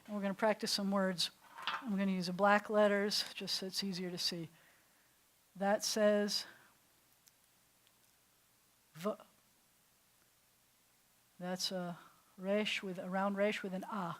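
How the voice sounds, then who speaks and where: A woman's voice: medium pitch, little pitch movement. Enthusiastic woman rabbi teaching a class. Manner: enthusiastic, drawn-out breathy pronunciations. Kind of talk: classroom lesson, sounding out words. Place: synagogue classroom with a board.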